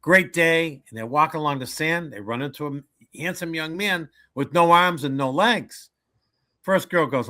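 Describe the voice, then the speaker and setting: Energetic older comedian man. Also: on the high side, normal speed. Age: 70s. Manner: animated joke-telling, acts out voices. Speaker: comedian guest. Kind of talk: casual interview storytelling.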